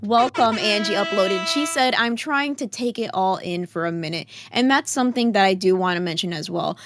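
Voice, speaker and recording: A woman's voice: mid-range voice, no room sound. A woman co-hosting a casual online talk show, teasing and sassy as she reads out chat. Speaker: co-host.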